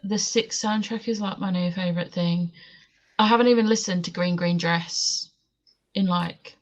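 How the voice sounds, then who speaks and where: A woman's voice: on the low side, steady tone, normal speed. A woman chatting casually with friends on a video call, rambling with fillers. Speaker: readathon friend. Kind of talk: casual chat.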